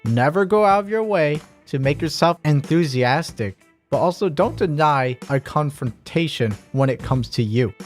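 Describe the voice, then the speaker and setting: A man giving a mock-instructional comedy monologue, sarcastic and deadpan at times, stammering repeated words, then bursting into animation. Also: on the high side, normal speed, soft background music. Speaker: comedy vlogger.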